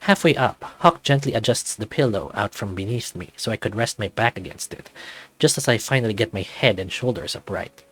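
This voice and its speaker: A man narrating a story in the first person in a measured, expressive way. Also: fairly low pitch, breathy edge.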